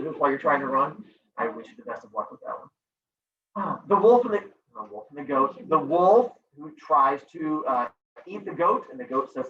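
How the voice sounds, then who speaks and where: A lively male teacher with a fairly high voice that swings up and down as he jokes through a class review. He sounds far from the mic in an echoey room. The call audio is dull with faint noise. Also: fairly quick. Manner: animated, jokey, acts out silly voices. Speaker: middle school teacher. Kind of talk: online class review, joking lecture.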